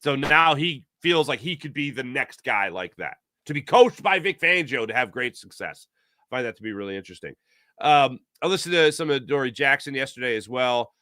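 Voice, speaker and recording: A man hosting a casual sports talk show, rambling and animated, acting out imagined quotes. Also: medium pitch, fairly quick, dry recording, clean studio sound.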